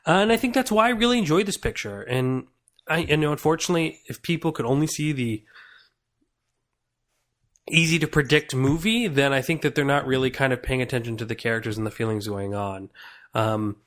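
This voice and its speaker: A man's voice: medium pitch, a little fast, a bit bright. A young man giving a casual, earnest film review on a podcast, rambling and restarting his thoughts.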